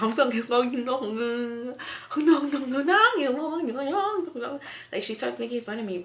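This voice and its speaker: A woman's voice: mid-range voice, vocal fry, sharp tone. A young woman vlogger telling a story in casual chat, rambling with lots of "like" and "you know" fillers. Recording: echoey room.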